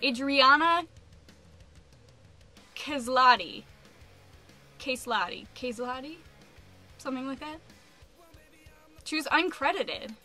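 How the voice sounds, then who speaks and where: A young adult woman vlogging a casual rant, animated and exasperated, peppering her speech with "like.". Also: high-pitched, slow pace, long pauses, faint music behind.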